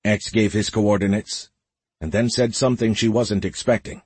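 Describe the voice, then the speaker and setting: Husky male audiobook narrator. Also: fairly low pitch, no room sound. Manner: steady, measured storytelling. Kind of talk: scripted narration.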